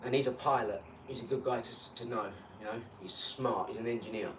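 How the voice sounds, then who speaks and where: A man talking in a casual live chat, rambling and boastful, breaking into animated rants. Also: mid-range voice, brisk. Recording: echoey room, far from mic, faint hum.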